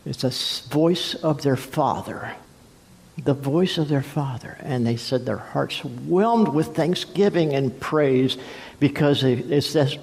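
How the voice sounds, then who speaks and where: A man preaching a sermon as pastor, telling stories and acting out voices with big swings in pitch and pace. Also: vocal fry. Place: church sanctuary. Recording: long church hall reverb.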